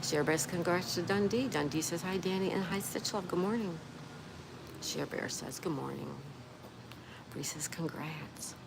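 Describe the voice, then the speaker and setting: A woman's voice: lowish voice, unhurried, creaky. A woman hosting a casual livestream, reading viewer comments aloud and chatting back to them. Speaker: livestream host. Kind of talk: casual live-stream chat. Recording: steady background noise with passing traffic.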